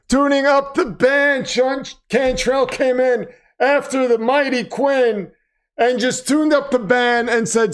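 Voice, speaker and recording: Casual male stream host, high clear voice, rambling play-by-play, self-deprecating, erupts with excitement. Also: slow. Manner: flustered, self-deprecating, breaks into excited shouts. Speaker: livestream host. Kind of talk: casual livestream commentary.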